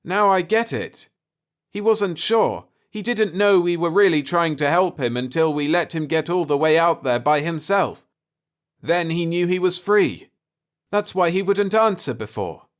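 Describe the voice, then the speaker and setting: Male reader plays a fearful young prospector, high and tense. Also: expressive, unhurried. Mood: awed. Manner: tense and anxious. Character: frightened young male space prospector, the son.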